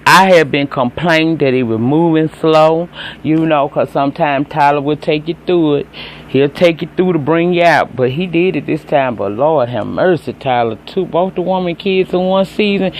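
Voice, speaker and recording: A man's voice: a little high, normal speed, slight background noise. A man with a Southern accent casually recapping a TV episode, chatty and profane, talking straight to his viewers. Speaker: TV episode reviewer.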